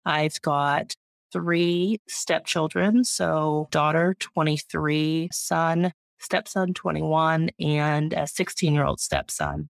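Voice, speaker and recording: A woman in her thirties, a guest, chatting proudly and warmly about her homestead and her family. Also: low-pitched, animated, slow, gravelly, no room sound, clean studio sound. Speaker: guest, urban homesteader and mom. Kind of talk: casual interview chat.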